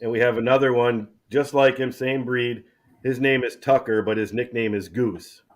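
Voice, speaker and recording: A middle-aged man hosting a casual chat, relaxed and chatty, often repeating words as he starts a thought. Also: medium pitch, moderate pace. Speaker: channel host.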